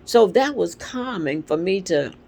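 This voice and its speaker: A woman's voice: on the low side, unhurried, husky. A woman with congested sinuses, talking at home in an earnest, rambling way about her spiritual life on her vlog. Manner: earnest, rambling, animated storytelling. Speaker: vlog host. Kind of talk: casual spiritual reflection. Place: at home with a dog nearby.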